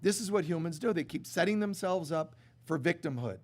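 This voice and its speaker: A man's voice: on the high side, brisk. A man giving a sermon to a live congregation, talking casually and animatedly, acting out little quoted exchanges. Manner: conversational and animated, with many restarts and acted-out quotes. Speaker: spiritual teacher. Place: stage before a live congregation.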